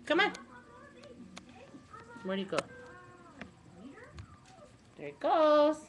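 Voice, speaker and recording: A woman's voice: high-pitched, big pitch swings, extremely slow, highs cut off, a little hiss or hum. A woman recording a casual home video, coaxing her dog in an affectionate sing-song way. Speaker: dog owner filming a home video message.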